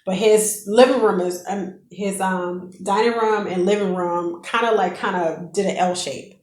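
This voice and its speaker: A woman's voice: mid-range voice, steady tone, a little slow, a little mellow. A woman in her thirties telling a personal story in a chatty, emotional vlog, addressing her viewers directly. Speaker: vlogger. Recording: echoey room.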